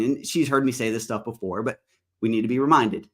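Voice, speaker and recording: A man teaches a live Bible study in an easy, conversational voice of ordinary pitch. He reads scripture aloud and moves between it and stories about his own family. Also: a little fast, fairly bright tone. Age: adult parent.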